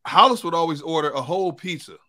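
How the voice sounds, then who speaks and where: Guy cohosting sports talk, kinda high bright voice, tells stories w/ lots of energy. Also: fast. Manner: animated storyteller, laughs as he tells stories. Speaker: co-host, sports reporter. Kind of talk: casual sports talk, storytelling.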